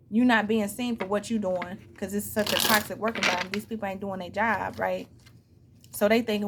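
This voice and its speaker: Emphatic woman giving a casual tarot reading. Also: slight background noise. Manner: emphatic, talks back at an imagined person; animated, with sudden high-pitched outbursts. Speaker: tarot reader.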